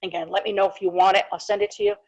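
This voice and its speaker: A woman's voice: medium pitch, flat delivery, racing, darkish tone, dull audio. Chatty woman hygienist giving a webinar. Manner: chatty, informal, frequent fillers and restarts. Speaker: dental hygienist presenting a webinar. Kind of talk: casual live webinar talk.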